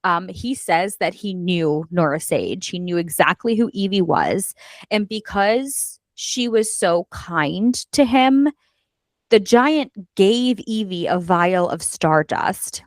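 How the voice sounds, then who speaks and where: A woman's voice: fairly low pitch, slow pace, dry recording. Chatty woman recapping a book. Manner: animated storyteller, acts out character lines; chatty with many fillers. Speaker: book club podcast host. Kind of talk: casual book recap chat.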